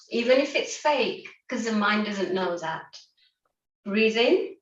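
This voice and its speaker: A woman's voice: mid-range voice, lively intonation, slow, highs cut off. A woman guiding an online laughter yoga session, upbeat and encouraging, often breaking into laughter. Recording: roomy, distant from the mic.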